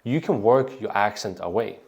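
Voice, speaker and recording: A man's voice: fairly low pitch, expressive, normal speed. A man from Sweden with a light Swedish accent, talking casually as an online business coach, often checking in with "right?" and restarting sentences. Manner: conversational, frequent "right?" tags and restarts. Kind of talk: casual advice talk to camera.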